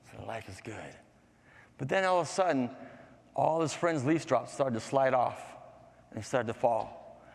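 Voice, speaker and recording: A man, a storytelling teacher, giving a conference talk full of animated story narration. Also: medium pitch. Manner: animated storyteller, lively voices. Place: conference session room. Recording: long hall reverb.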